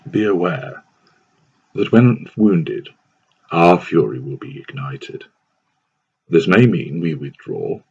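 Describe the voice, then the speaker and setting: A man reads a scripted advice text in a slow, deliberate manner. His voice is very low and gravelly, with a husky edge. The recording sounds dull and lo-fi. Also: animated, darkish tone.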